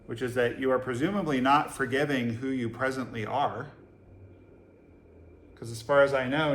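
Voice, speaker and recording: A man's voice: mid-range voice, fairly bright tone, slight background noise. A man from Boston, giving a Zen dharma talk to a live audience in a meditation hall, casual and joking, with many rhetorical questions. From Boston, USA. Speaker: Zen teacher. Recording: echoey room, faint ambience.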